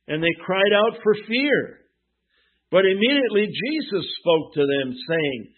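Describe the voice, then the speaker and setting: A pastor preaching a sermon who asks the congregation questions and answers them himself. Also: male voice, fairly high pitch, animated, a little slow. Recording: tinny phone-like sound.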